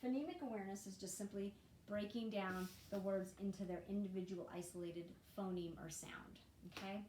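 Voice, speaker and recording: In an echoey room with faint background noise, a woman teaching reading speaks to parents in an instructional video, explaining patiently and modeling sounds. Her pitch is medium, her tone darkish, and her pace fairly quick.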